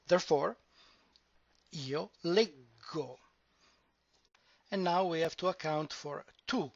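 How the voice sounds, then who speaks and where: A man teaching a grammar lesson, explaining slowly and deliberately and drawing out example words. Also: a little high, gravelly, dry recording. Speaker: language teacher. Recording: dull, dry lo-fi sound.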